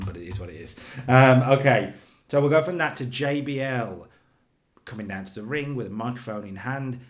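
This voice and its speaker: A man hosting a casual let's play, narrating his wrestling booking game in excited, gushing bursts. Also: lowish voice.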